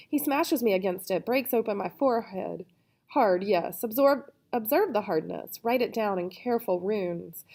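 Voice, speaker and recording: A woman gives a dramatic, first-person reading of a dark novel. She drops to hushed, tense passages and then breaks into sudden cries. The delivery is intense and theatrical throughout. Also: medium pitch, moderate pace, creaky. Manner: intense, shifting between hushed and cried-out lines. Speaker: reader.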